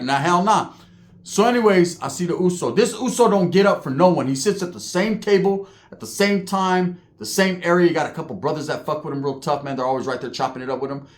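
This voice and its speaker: A man telling prison stories in a casual monologue, animated and profane, heavy on street slang, acting out the people he describes. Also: on the high side, brisk. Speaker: storyteller recounting prison life.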